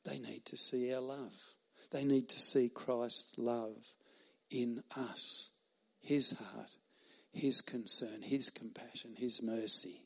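A man's voice: medium pitch, steady tone, vocal fry, pushed and bright, husky. Earnest middle-aged male preacher. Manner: earnest, emphatic, with pauses and laughs at his own stories. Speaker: hospital chaplain and preacher. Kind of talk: sermon.

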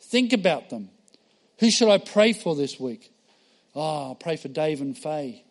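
Male preacher, storytelling sermon, slightly higher voice, dynamic delivery. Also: sing-song, a little slow. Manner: conversational storytelling, acting out voices, swinging loud and soft. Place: church.

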